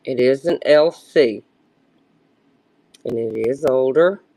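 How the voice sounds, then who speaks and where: A woman selling vintage brooches on a live stream in a casual, halting pitch, often pausing to search for words. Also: mellow.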